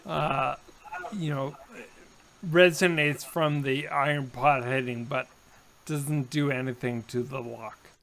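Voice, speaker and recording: A man narrating as the dungeon master of a tabletop game, unhurried and halting, with many fillers. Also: mid-range voice, fairly even intonation, gravelly, a bit bright, a little hiss or hum.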